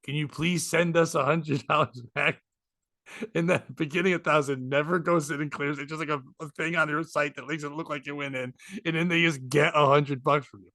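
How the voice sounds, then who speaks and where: A man's voice: on the high side, steady tone, fast talker, few pauses, bright, forceful tone, no room sound. A man co-hosting a podcast, telling a long rambling story in casual comedic chat. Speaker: podcast co-host.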